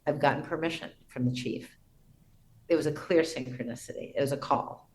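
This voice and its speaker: A middle-aged woman, a podcast guest, telling a personal story in an earnest, reverent way with soft restarts. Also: deep voice, brisk, a little hiss or hum, poor audio.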